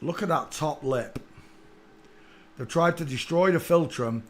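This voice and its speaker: A man hosting a live stream, rambling through a monologue and now and then bursting into excited shouts. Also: a little high, unhurried. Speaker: livestream host.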